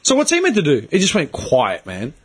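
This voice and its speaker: A man's voice: fairly high pitch, huge pitch swings, brisk, husky. A man, ranting bluntly and swearing in a casual chat as host.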